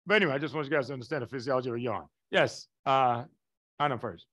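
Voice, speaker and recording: A man teaching a class, lively and emphatic, often stopping to ask the students if they understand. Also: medium pitch, racing. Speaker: lecturer. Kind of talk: live online lecture.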